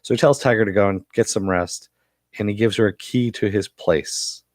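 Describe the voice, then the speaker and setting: A man's voice: on the low side, moderate pace, darkish tone, no echo, studio quality. A man with a cough giving a casual, rambling recap of a TV episode, full of fillers. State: has a cough. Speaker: TV episode reviewer.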